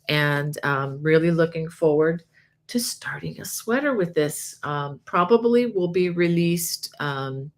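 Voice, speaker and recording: A woman's voice: low-pitched, a bit bright. A middle-aged woman hosting a live crochet stream, chatting casually with many fillers. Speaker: crochet teacher and livestream host.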